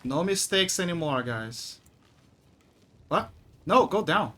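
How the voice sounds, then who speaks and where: A young man streaming a game, excitable and cursing when frustrated. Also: fairly high pitch, slow, slight background noise. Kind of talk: gameplay commentary.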